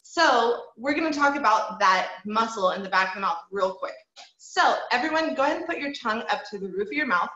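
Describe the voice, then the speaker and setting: A woman's voice: on the high side, sharp tone. A woman teaching an online group voice lesson, encouraging her students and demonstrating sounds as she explains. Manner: encouraging, demonstrative, models owl hoots and bird sounds. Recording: echoey, dull lo-fi call audio.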